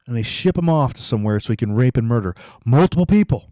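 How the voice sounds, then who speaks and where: A man's voice: mid-range voice, animated, fast, mellow, dry recording, clean studio sound. A man hosting a political commentary, ranting angrily and repeating himself as he dares his listeners to respond. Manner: angry, ranting, repetitive, challenging viewers.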